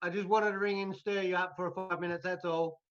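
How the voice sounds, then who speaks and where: A man's voice: high voice, little pitch movement, brisk. A man from Tasmania with an Australian accent, calling in to tease the guest with playful questions over a video call. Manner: teasing, playful. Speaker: caller. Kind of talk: joking call-in chat. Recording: dull lo-fi call audio with faint noise.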